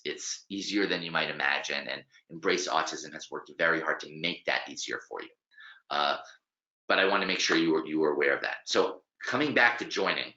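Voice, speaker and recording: Animated deep-voiced American man presenting. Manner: animated, direct, addresses the listener. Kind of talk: webinar lesson with storytelling. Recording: roomy, slightly dull webinar audio.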